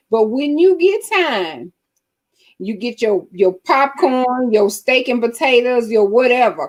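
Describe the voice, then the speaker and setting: A woman hosting a live-stream talk show, chatting casually in a lively, laughing, preacher-like way. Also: fairly high pitch. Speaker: host.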